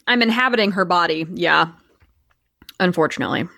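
A woman's voice: lowish voice, expressive, fairly quick, creaky, bright, forceful tone, dry recording, studio quality. Casual woman player in a tabletop game. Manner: casual, chatty, hedging.

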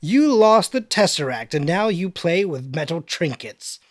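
A man's voice: high voice, big pitch swings, a little slow, no echo, studio quality. A sneering officer, as a man puts him on. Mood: scornful.

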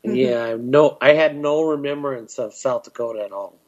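A man raised in Texas and Arizona answering interview questions in a halting, rambling way. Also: medium pitch, a little mellow, highs cut off. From Texas and Arizona, USA. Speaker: interview guest.

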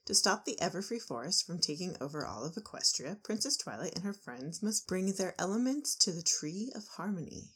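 Casual woman co-host, low-ish voice, chatty recap. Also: animated, brisk, few pauses, fairly bright tone, slightly rough. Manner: chatty, acts out quotes, many fillers. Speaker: podcast co-host. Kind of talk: casual episode recap chat.

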